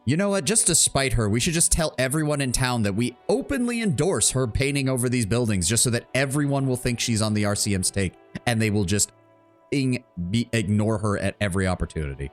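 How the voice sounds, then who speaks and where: A man's voice: medium pitch, expressive, brisk, faint music behind. A man streaming a video game, mixing sardonic, profane commentary with reading its text aloud. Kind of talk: casual gameplay commentary and reading.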